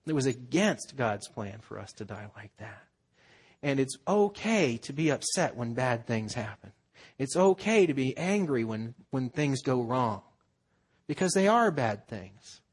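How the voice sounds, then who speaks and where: A man's voice: medium pitch, sing-song, unhurried, husky. A man preaching a sermon in an earnest, conversational way, acting out quotes as he goes. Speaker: pastor.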